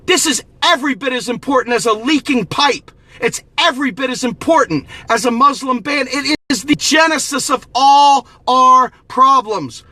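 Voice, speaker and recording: A male host delivering an impassioned, profane political rant straight to his audience, angry and exhorting, often shouting. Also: extremely high pitch, dry recording. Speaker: host of a political commentary show.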